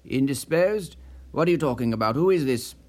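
A man voicing a brusque, insistent man who demands answers, in a lower, firmer voice than his own. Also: normal speed, lightly acted. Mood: demanding. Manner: forceful, insistent.

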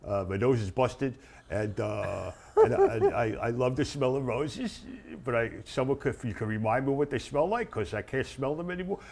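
A man's voice: mid-range voice, lively intonation, normal speed, gravelly, darkish tone. A man voicing a dazed, punch-drunk male boxer with a busted nose, rambling as he talks.

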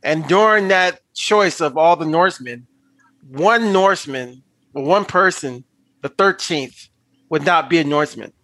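A man hosting a casual podcast, recapping a film in a halting way with fillers and restarts. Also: on the high side, sharp tone, dry recording, rough recording. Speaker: podcast host.

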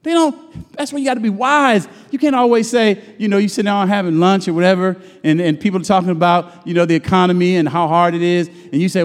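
A pastor preaching a sermon, swinging from loud shouted lines to low murmurs and drawing out his phrases. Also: fairly even intonation, brisk. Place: church sanctuary. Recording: long hall reverb.

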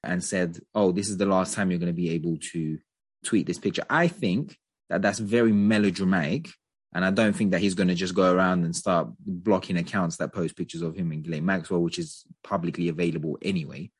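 A deep, husky-voiced man talking casually on a podcast. He gives his opinions with animation, hedging as he goes. His voice sounds dry and close to the mic. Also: brisk, no echo. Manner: chatty, animated opinions with frequent hedges. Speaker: podcast co-host.

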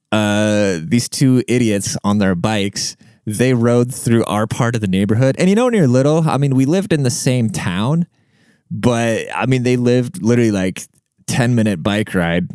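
A man's voice: fairly low pitch, darkish tone, dry recording, studio quality. A young man who grew up in Germany, casually telling a rambling, profane childhood story and laughing often. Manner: rambling, profane, laughs through his stories.

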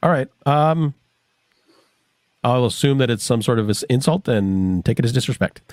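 A man joking with friends during a tabletop game. His pitch jumps up and down. The recording is dry and close. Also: expressive, moderate pace, darkish tone, dry recording. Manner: playful, joking. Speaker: player. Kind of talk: casual tabletop play.

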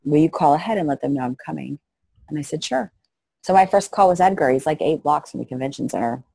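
A middle-aged woman with a low, gravelly voice tells her stories in a dark, husky tone. She acts out the people she quotes as she goes. The recording is close and dry. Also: expressive, quick pace, no echo. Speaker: guest, missionary to orphans. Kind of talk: storytelling interview.

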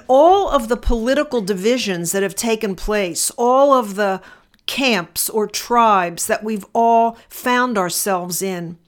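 A middle-aged woman attorney telling a personal story and reflecting on it in a measured, deliberate way. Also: a little high. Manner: measured, deliberate, slowing for emphasis.

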